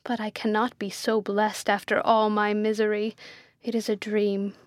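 A woman reading as an anguished blind gentleman. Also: medium pitch, flat delivery, moderate pace, dry recording, studio quality, natural voice. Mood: overwhelmed. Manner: impassioned, imperious, pleading. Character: blind anguished middle-aged gentleman, commanding and desperate. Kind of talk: audiobook character reading.

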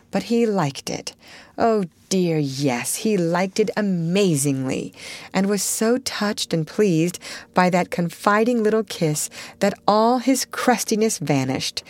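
Low-voiced woman audiobook narrator. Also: a little mellow, no room sound. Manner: measured storytelling. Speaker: audiobook reader. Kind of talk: scripted narration.

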